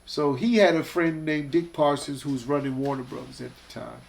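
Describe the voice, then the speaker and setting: This mid-range, creaky male voice moves fairly quickly over a faint hiss or hum. He's a music executive from Hollis, Queens, New York, appearing as a guest and animatedly telling casual, profane stories while acting out the voices of the people in them.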